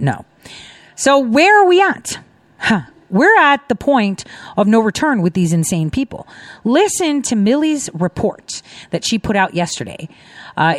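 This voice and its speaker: A woman hosting her own livestream, talking in a rambling, indignant, animated way and laughing now and then. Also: medium pitch, no room sound. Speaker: livestream host. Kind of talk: casual ranting commentary.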